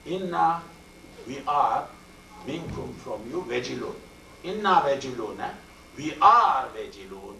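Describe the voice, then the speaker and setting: An older man teaching a Quran and Arabic class, speaking slowly and repeating Arabic word forms as he explains them. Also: mid-range voice, lively intonation, vocal fry, sharp tone, a little hiss or hum. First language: Turkish. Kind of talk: classroom tafsir lecture. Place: mosque classroom. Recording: roomy, distant amateur video recording.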